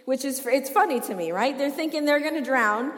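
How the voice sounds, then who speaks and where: A woman's voice: high-pitched, brisk, in a large hall. A woman preaching a sermon, chatty and laughing often, asking the congregation questions as she reads from the Bible.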